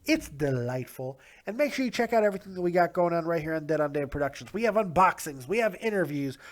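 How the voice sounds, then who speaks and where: A man's voice: a little high, animated, quick pace. Tired, frustrated man hosting a solo show. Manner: frustrated, rambling, swearing. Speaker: podcast host. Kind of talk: casual solo commentary.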